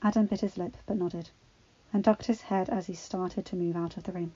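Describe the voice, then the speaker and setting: A woman reading fan fiction aloud in a steady, earnest storybook narration. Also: on the low side, normal speed, slightly rough. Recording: slightly dull, faint background music.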